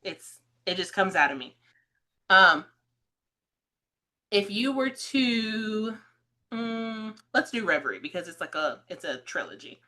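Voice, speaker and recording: Bright, animated woman podcast host. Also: medium pitch, slow pace, pauses often. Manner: animated storyteller, acts out quoted voices, laughs often. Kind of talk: casual interview chat.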